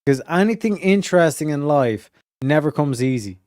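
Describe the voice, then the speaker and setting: A man's voice: a little high, lively intonation, moderate pace, a little mellow, dry recording, clean studio sound. A man from Ireland, a streamer reacting to clips in casual, heated, swearing commentary. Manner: heated, swears a lot, acts out voices.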